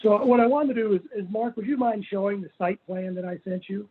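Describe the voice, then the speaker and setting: Husky man on a tinny call line. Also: high voice, steady tone, brisk. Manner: earnest, methodical, reads passages aloud. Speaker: property owner applicant. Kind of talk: public hearing presentation. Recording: phone-like virtual meeting audio.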